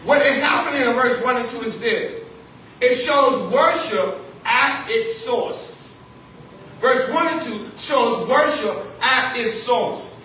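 A man's voice: extremely high pitch, lively intonation, slow, pushed and bright. A man preaching a sermon from the pulpit as pastor, repeating key phrases and calling out to his congregation. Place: church sanctuary. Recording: echoey church hall, distant mic, faint noise.

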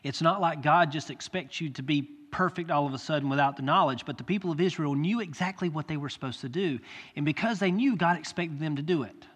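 A male pastor preaching a sermon with earnest, direct address that swells into loud pleading. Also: a little high, quick pace, breathy edge. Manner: earnest, rises to loud pleading when quoting. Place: church sanctuary. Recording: long church hall reverb.

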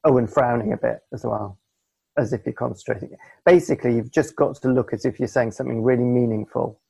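Male podcast co-host, gravelly voice, dry and self-mocking, on a call from home. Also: medium pitch, fairly even intonation, brisk, mellow, dry recording. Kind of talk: casual podcast banter.

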